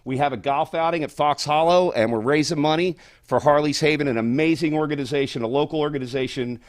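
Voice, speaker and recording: A man's voice: a little high, quick pace. A man being interviewed about a charity golf outing he helps organize, speaking in a plain, friendly way. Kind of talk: interview answers.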